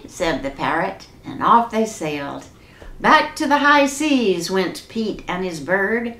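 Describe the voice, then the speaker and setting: Slow, expressive woman reading to kids. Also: mid-range voice, roomy sound. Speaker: children's storyteller. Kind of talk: reading a picture book aloud.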